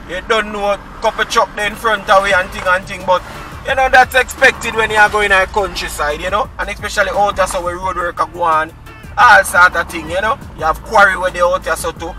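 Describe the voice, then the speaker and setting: A man's voice: high voice, pushed and bright, distant mic, rough recording. A Jamaican man chatting casually to viewers while driving on country roads, repeating friendly catchphrases. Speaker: driving vlogger. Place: inside a car on country roads.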